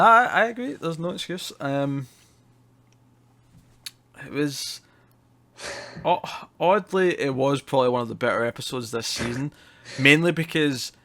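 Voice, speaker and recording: An animated man co-hosting a laid-back TV review. He talks with plenty of energy and casual swearing. He laughs often at what he describes. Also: mid-range voice. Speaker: co-host.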